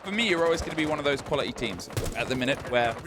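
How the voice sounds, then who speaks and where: A man's voice: medium pitch, animated, racing, noisy background. A man casting a live esports match, analytical and full of joking banter. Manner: chatty, analytical, jokey banter. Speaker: esports caster. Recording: broadcast mix with game gunfire behind.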